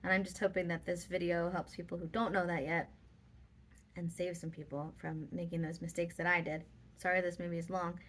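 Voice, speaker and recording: A woman's voice: fairly low pitch, little pitch movement, brisk, fairly bright tone. A woman vlogger telling a personal story in casual, rambling talk with many fillers.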